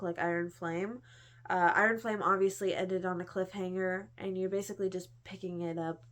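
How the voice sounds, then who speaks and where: A woman's voice: mid-range voice, a bit bright. A young woman in a casual book review chat, gushing and chatty, filling her talk with "like". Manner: gushing, chatty, heavy use of "like".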